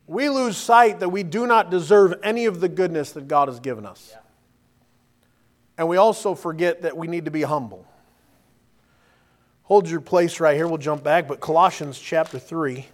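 High-voiced animated male preacher. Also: moderate pace, pauses often. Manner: animated, rhetorical questions, reads King James verses aloud. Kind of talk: sermon.

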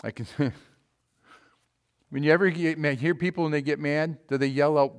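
A man's voice: a little high, moderate pace, pauses often. Emphatic male preacher. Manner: emphatic preaching, swinging from loud calls to quiet asides. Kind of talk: sermon.

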